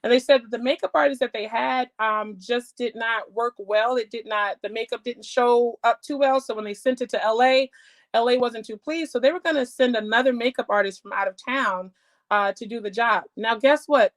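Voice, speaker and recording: Animated woman telling her testimony. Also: fairly high pitch, normal speed. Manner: animated storytelling, acts out quoted voices. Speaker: guest. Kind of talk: testimony in casual talk.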